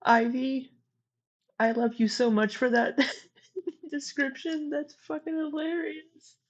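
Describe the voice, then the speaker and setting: A woman chatting on a live stream, her words unhurried and drawn out and her voice sitting a touch high. She dissolves into giggles often. The audio is slightly muffled and lo-fi. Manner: giggly, breaks into frequent laughter. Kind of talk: casual live-stream chat. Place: indoor room with neighbors next door. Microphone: earbuds with a computer mic.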